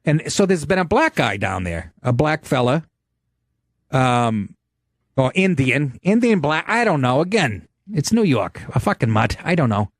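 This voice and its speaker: A middle-aged man hosting a podcast, telling stories in a brash, profane, animated way. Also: medium pitch, a little slow, dry recording, studio quality. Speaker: podcast host, comedian. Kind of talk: casual podcast chat.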